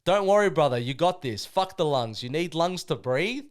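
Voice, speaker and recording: A man's voice: fairly high pitch, expressive, moderate pace, smooth, voice pushed up, natural voice. A man with an Australian accent voicing a pack of wild, laughing male spirit brothers who taunt and cheer him on. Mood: taunting laughter. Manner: loud, cackling, taunting encouragement.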